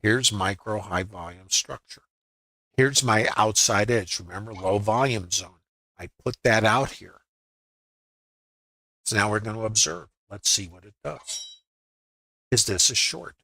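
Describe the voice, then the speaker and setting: Bright-voiced older man explaining trades. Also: fairly low pitch, a little slow, gravelly, pauses often, no room sound, low-quality recording. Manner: conversational, often checks in with viewers; thinks aloud with rhetorical questions. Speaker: futures trading educator. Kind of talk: live-stream trading commentary.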